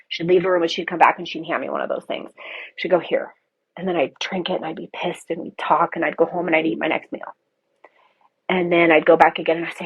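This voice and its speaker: A woman's voice: lowish voice, fairly even intonation, fast talker, slightly rough. A woman hosting a podcast, telling her story in a blunt, candid way and swearing freely. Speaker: podcast host. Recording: dull lo-fi audio.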